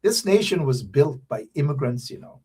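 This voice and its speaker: A man's voice: mid-range voice, very animated, moderate pace, a little mellow, breathy edge. A man hosting a live stream, talking straight to viewers in a preachy, repetitive way as he signs off. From Guyana. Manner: preachy, repeats phrases, addresses viewers directly. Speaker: show host. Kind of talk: casual live-stream sign-off.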